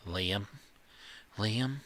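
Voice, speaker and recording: A man's voice: on the low side, drawn-out words, a bit bright. A man voicing a condescending woman school counselor with a Southern US accent, talking down in a patronizing way. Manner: patronizing, talks down.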